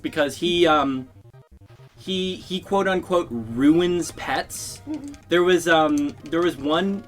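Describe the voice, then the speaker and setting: A man's voice: a little high, fairly bright tone. A man chatting casually while playing a video game, rambling through a family story, swearing freely and laughing often. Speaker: host.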